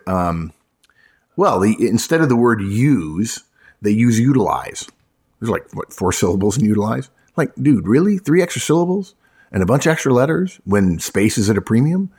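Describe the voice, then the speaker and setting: A man's voice: on the low side, darkish tone, breathy edge. A man who works as a recruiter gives emphatic, punchy resume advice, hammering his points home and addressing listeners as folks.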